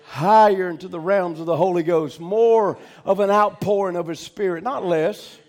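A man preaching a sermon, telling a folksy story and building to fervent shouts with call-outs to the congregation. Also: high-pitched, normal speed.

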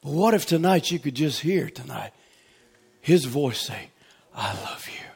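High-voiced fervent preacher man. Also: lively intonation, a little slow, gravelly, husky. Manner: swings from shouted exhortation to hushed, near-whispered tenderness. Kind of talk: revival sermon.

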